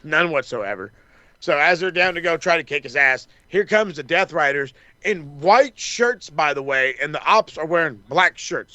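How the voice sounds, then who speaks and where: A man co-hosting a podcast, recapping wrestling in a casual, animated and profane way, acting out the wrestlers' lines. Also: on the high side, moderate pace, no echo. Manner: animated, swears a lot, acts out wrestlers' lines. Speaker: podcast co-host.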